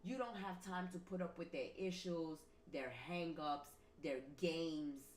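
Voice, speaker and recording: A deep-voiced woman gives a tarot reading to her viewers, speaking a little slowly. Her style is emphatic and repetitive, like a preacher's. The audio is roomy with faint ambient noise.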